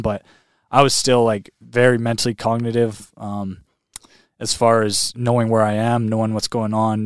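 A man, a podcast guest, telling a story in a casual, animated way, full of "like" and "man". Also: medium pitch, smooth, dry recording, clean studio sound. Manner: animated, heavy on fillers like "like" and "man". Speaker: guest recounting a long lake swim.

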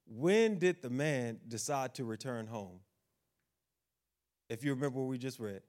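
A man's voice: mid-range voice, animated, measured pace, darkish tone. A man preaching a sermon, asking the congregation questions and acting out the figures of the Bible story in quotes.

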